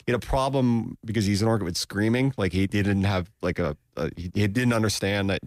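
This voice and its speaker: A man's voice: fairly low pitch, brisk, no room sound, clean studio sound. A man guesting on a casual podcast chat, playful and teasing, laughing often.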